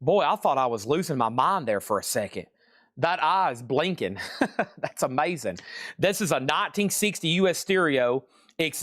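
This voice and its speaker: A man's voice: on the high side, animated, fairly bright tone, no room sound, studio quality. A man hosting a live-streamed vinyl sale, rattling off titles and prices in an upbeat, casual patter. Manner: rapid-fire listing of items and prices, upbeat.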